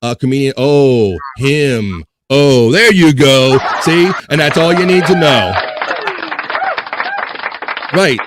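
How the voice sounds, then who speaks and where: A man's voice: mid-range voice, slow, pauses often, background noise. A man hosting a casual livestream podcast, reading chat and ranting with heavy swearing and frequent laughter. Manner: profane, ranting, laughing while venting.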